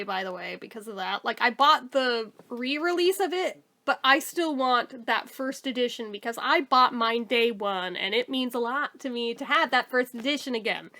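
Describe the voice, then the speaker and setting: High-pitched woman, casual storytime host, animated and fed-up delivery with swearing. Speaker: storytelling YouTuber.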